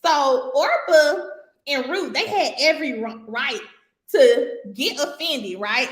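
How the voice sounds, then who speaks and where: A woman hosting a podcast and teaching from the Bible in a casual, animated way, talking straight to her listeners with colloquial asides. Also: sits high, takes it slowly, roomy sound.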